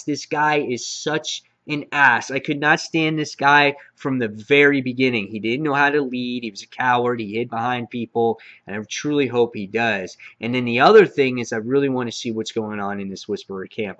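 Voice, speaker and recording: A man's voice: mid-range voice, a bit bright, highs cut off. A man hosting his own comic book review channel, talking casually with lots of fillers and restarts. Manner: rambling with frequent fillers and restarts.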